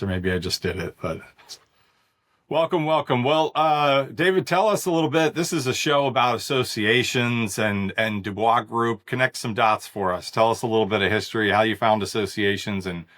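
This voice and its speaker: A man hosts a podcast interview with a somewhat low-pitched voice. He sounds upbeat and chatty, with quick, friendly remarks. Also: a bit bright. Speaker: podcast host. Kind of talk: conversational interview.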